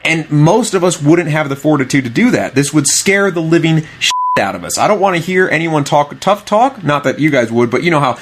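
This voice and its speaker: A man's voice: fairly high pitch, expressive, brisk, few pauses, background noise. Earnest man explaining with emphasis. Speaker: podcast co-host. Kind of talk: casual film discussion.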